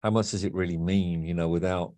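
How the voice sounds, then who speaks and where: A man's voice: deep voice, fairly even intonation, fairly quick, dark tone. A man, originally from Wolverhampton, chatting candidly and rambling a little as a podcast guest. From Wolverhampton, England. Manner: rambling, candid, repeats himself. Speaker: guest, band frontman. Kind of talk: casual podcast interview.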